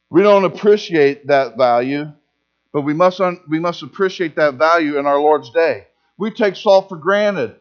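A man with a high voice delivers a sermon to his congregation in church. He speaks emphatically, repeats key phrases and puts questions to the listeners. The recording is dull and lo-fi, with a steady mains hum underneath. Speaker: pastor. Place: church service.

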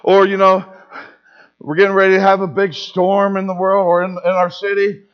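A man's voice: high voice, level tone, moderate pace, clean tone, dull audio. A male pastor preaching a sermon at a church service, emphatic, repeating key phrases and asking the congregation questions.

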